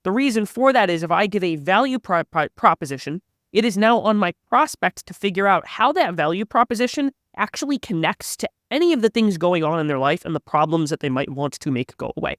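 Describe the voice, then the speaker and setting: A man with a somewhat higher voice than most men, explaining sales ideas in a thoughtful, step-by-step way. The recording is dry and close. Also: animated, fairly quick, fairly bright tone, no echo. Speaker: sales expert guest. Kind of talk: conversational sales advice.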